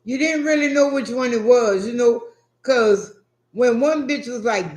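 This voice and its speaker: A man telling a profane, animated story in a casual rant, acting out what people said. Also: very high-pitched, unhurried. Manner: profane, animated, acts out quotes. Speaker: vlogger. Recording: echoey room.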